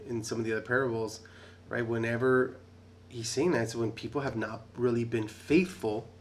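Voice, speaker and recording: A middle-aged man teaching a Bible study in a relaxed, conversational way. He speaks at a middle pitch and keeps checking in with little tag questions. His sentences often restart midway. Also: vocal fry, a little hiss or hum. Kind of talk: casual Bible study talk.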